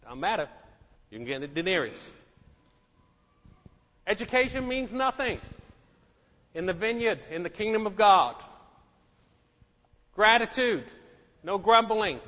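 Middle-aged male preacher, high voice, emphatic, repeats himself; hall echo. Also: expressive, unhurried, long pauses, fairly bright tone. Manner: emphatic, repeats words, asks the congregation questions. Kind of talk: sermon. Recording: echoey hall.

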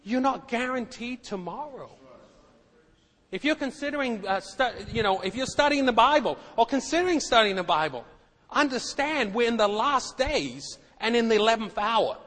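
A man's voice: very high voice, sing-song, normal speed, fairly bright tone. A middle-aged man preaching a sermon, emphatic and given to repeating words and asking the congregation questions. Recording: echoey hall.

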